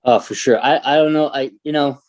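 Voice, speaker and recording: A man's voice: a little high, brisk. A man from Massachusetts, a guest artist, answers interview questions in a reflective, hesitant way with many fillers. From New Bedford, Massachusetts.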